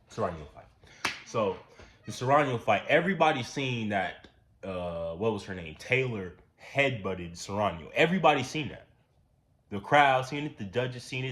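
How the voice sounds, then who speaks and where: A man giving a casual, profane, ranting commentary, repeating himself and getting louder when worked up. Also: on the low side. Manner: animated, repetitive, profane, rising to near-shouts when worked up. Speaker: commentary channel host.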